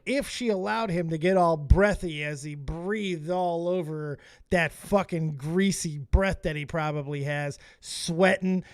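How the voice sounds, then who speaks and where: A man hosting a casual commentary podcast, loud and crude, mocking and jumping into joking bits. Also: high voice. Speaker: podcast host.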